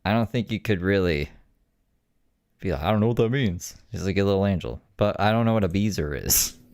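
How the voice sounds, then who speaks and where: Low-voiced dry wry woman commentator. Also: lively intonation, brisk, darkish tone, no echo. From Canada. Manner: wry, puzzled, laid-back. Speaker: commentary co-host. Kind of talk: casual reaction commentary.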